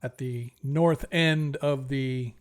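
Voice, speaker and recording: A man narrating a tabletop game as game master, describing scenes in slow, measured steps with a few fillers. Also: medium pitch.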